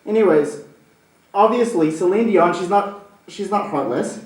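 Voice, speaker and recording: A man doing stand-up, telling a story in a rambling, animated way with plenty of fillers. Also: high voice, unhurried. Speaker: stand-up comedian. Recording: echoey room from a distant mic.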